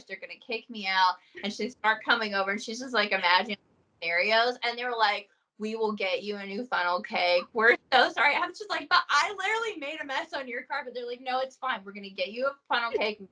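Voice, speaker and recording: A woman's voice: medium pitch, sharp tone, low-quality recording. A young woman hosting a casual chat, telling stories with quoted asides and easy laughs. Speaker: host.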